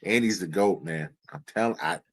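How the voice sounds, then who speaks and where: A lower-pitched man argues football with real insistence, repeating his points. His tone is bright and edgy but lively, and there's a faint hiss under the recording. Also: fairly quick. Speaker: podcast co-host. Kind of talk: casual sports chat.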